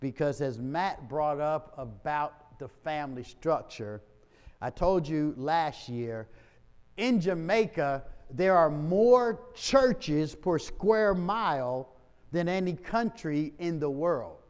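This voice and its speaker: A male pastor speaks slowly in a smooth, resonant, somewhat high voice. He tells his congregation about a mission trip in a relaxed, chatty way, breaking into laughing asides. The sound carries a long church reverb. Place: church sanctuary.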